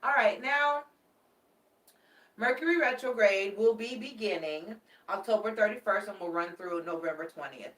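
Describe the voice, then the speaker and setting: At a normal pace and medium pitch, a woman gives a chatty, affectionate tarot reading, her tone a bit bright. She calls viewers babies and repeats warnings to stress them, while the distant mic picks up an echoey room.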